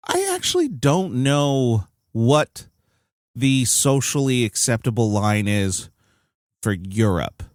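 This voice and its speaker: A man's voice: mid-range voice, sing-song, slow pace, no room sound, clean studio sound. A man co-hosting a podcast in casual chat, rambling and hedging a lot, with some swearing. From United States. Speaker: podcast co-host.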